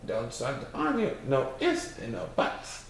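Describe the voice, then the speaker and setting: A man voicing a tiny, bossy male bug who snaps orders in a high squeaky voice. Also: wildly swooping pitch, measured pace, creaky, slight background noise, heavily acted. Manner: bossy, snapping. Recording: very echoey room.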